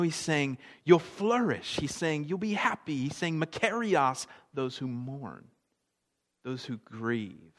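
A man's voice: mid-range voice, a bit bright. Man preaching in a reverberant hall. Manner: conversational, asks the audience questions. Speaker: pastor. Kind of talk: sermon. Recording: long reverb of a large hall.

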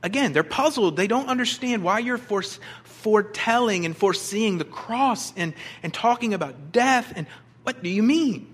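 Preacher, male, bright and forceful tone, slightly high voice, casual, joking sermon delivery. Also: animated, normal speed, breathy edge. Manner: conversational, with humor and fillers. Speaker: pastor.

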